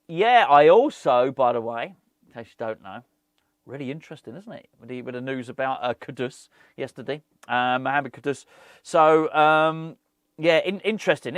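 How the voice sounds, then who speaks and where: A man's voice: on the high side, dry recording. Rambling man, dry sound. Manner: rambling, laughs often, self-deprecating. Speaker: football fan channel host. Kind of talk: casual chat to camera.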